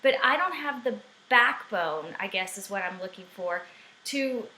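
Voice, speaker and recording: A woman's voice: medium pitch, lively intonation, unhurried, bright, forceful tone, echoey room, slight background noise, poor audio. A middle-aged woman ranting animatedly in a casual vlog from her home office. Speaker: network marketing vlogger.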